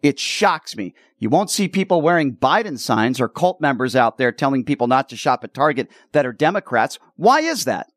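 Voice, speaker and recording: An indignant male radio host lays out his opinions in a middle-pitched voice. He keeps restarting and repeating words when he gets heated. The studio sound is dry and close. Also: sing-song, normal speed, hardly any pauses, no echo. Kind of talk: opinionated talk radio commentary.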